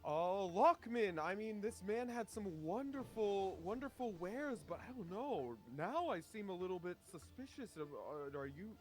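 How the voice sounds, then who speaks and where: Man doing a polite elf, forced smile, quietly suspicious, higher voice. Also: lively intonation, unhurried, hardly any pauses.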